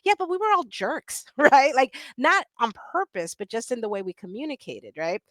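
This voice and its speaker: A woman's voice: a little high, big pitch swings, normal speed, a bit bright, no room sound. A middle-aged woman on a panel talking candidly over a video call, blunt and self-deprecating, laughing often. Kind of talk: candid conversational storytelling.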